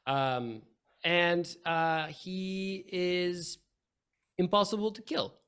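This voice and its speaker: A man narrating as game master of a tabletop game, slow and full of hesitations. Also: sits high, fairly even intonation, a bit bright, clean tone.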